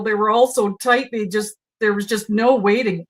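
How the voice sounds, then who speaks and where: A woman in her sixties talks casually as she sews, wandering through stories at an easy, chatty pace. Her voice sits at an ordinary middle pitch. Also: steady tone, moderate pace. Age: 60s. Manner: chatty, storytelling. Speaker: host. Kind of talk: casual chat while sewing.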